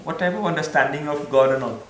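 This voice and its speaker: A man gives a spiritual talk in a relaxed, conversational way, mixing in Sanskrit words and light jokes. His voice sits a little high. The hall around him echoes. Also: fast, slight background noise. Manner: conversational, with Sanskrit terms and gentle humor. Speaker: spiritual teacher. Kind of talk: spiritual discourse.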